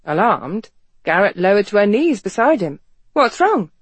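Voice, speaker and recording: An audiobook narrator reads a novel in a measured, expressive way. The voice sits in the middle range. The recording is close and dry, with no room sound. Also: mid-range voice, husky, no room sound. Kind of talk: scripted narration.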